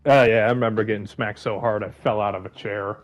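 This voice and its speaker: A man co-hosting a podcast in casual chat, wry, quick to laugh and swearing. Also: lowish voice, steady tone, muffled recording, soft background music. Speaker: podcast co-host.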